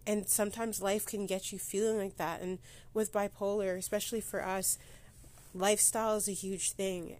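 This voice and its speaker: A woman hosting a personal solo podcast, holding back tears and talking haltingly, with many restarts and pauses. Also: medium pitch, a little mellow. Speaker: podcast host. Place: sitting against a board indoors.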